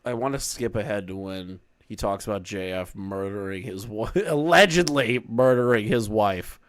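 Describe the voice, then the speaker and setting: A man's voice: fairly low pitch, normal speed, no room sound. Sarcastic man streaming reactions. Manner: sarcastic, swings loud and animated; crude, blunt. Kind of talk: live-stream reaction commentary.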